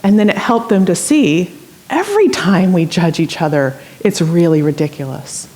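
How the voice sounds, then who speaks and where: A woman's voice: lowish voice, lively intonation, normal speed, mellow. A woman pastor giving a sermon in a church, conversational and storytelling, with asides to the congregation. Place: church sanctuary.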